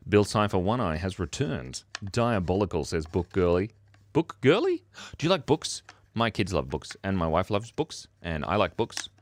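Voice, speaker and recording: A middle-aged Australian man hosts a livestream from home in the early morning, casually chatting and reading viewer comments. He speaks quietly in a low voice and laughs often, with the microphone worn near his beard.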